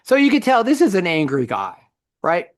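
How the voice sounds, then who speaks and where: A middle-aged man co-hosting a faith podcast, telling a story in a lively conversational way with frequent restarts. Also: sits high, normal speed, dry recording, studio quality. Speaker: podcast co-host.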